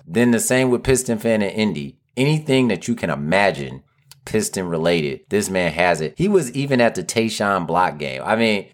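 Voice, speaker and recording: Lively joking male podcast host. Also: sits low. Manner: casual, animated, joking. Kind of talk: solo podcast monologue.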